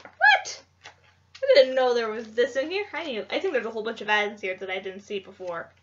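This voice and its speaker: A woman's voice: a little high, quick pace, noisy background. A young woman vlogger chatting casually about her convention haul, chatty and gushing, with lots of fillers. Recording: dull lo-fi home recording.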